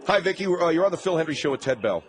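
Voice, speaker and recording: Male talk radio host, quick and lively, keeps jumping in exasperated. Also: fairly high pitch. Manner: exasperated, refereeing.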